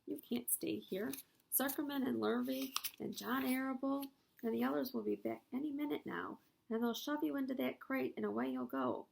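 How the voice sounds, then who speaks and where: Gentle, fading female spider from a storybook, quiet and steady, gravelly texture, read by a woman. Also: sits high, normal speed, slight background noise, heavily acted. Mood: calm. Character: wise, dying female spider, calm and gentle.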